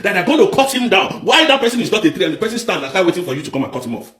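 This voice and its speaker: A man with a Nigerian accent giving a heated, emphatic political rant on a livestream, repeating points and breaking into shouts. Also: high voice, big pitch swings, rapid-fire, hardly any pauses, echoey room. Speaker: livestream commentator.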